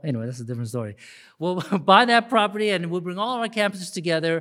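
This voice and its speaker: An older man, a pastor, preaching a sermon with animated bursts, laughing asides and a soft closing prayer. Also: high voice. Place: church sanctuary.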